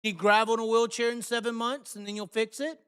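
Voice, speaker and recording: A man hosting a live show, ranting angrily and cursing, swinging between shouts and mutters. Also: very high-pitched, little pitch movement, quick pace, clear, resonant tone, in a large hall. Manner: heated, profane, shifts from shouting to muttering. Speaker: host. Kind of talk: angry live rant.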